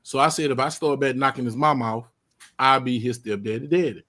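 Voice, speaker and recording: A man hosting a casual streamed talk show, telling profane stories in an animated way that swings up to loud outbursts. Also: mid-range voice, fairly quick. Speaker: podcast host. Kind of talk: casual chat.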